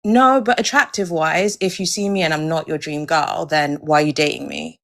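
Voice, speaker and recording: A woman's voice: deep voice, moderate pace, vocal fry, fairly bright tone. A woman from Nigeria, calling in for dating advice and speaking hesitantly and self-deprecatingly. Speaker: caller. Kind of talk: casual chat.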